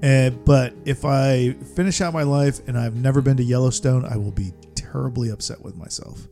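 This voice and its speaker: A middle-aged man co-hosting a casual podcast chat, telling stories in an animated way and laughing often. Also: medium pitch, normal speed, soft background music. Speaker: podcast co-host.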